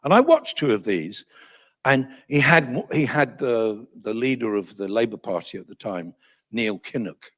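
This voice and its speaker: Man in his 70s, husky strained voice, lively pitch, chatty anecdotes. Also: unhurried. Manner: chatty, self-deprecating, animated. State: voice failing, coughing. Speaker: guest speaker. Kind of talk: anecdotal storytelling at a talk.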